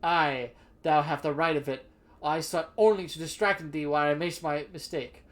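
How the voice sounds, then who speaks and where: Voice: mid-range voice, fairly even intonation, normal speed, close to an everyday voice. A streamer reading aloud the lines of a timid, guilty talking tree from a fantasy game, in archaic, formal speech. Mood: resigned.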